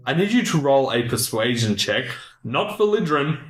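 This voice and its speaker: A man's voice: mid-range voice, sing-song, normal speed. Australian man running a tabletop game, joking and easygoing, roomy sound, music under. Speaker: game master.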